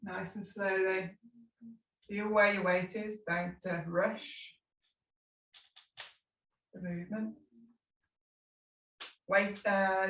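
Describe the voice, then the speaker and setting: A woman teaching a live tai chi class, calmly cueing slow movements with unhurried asides. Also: medium pitch. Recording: echoey room, mic at a distance.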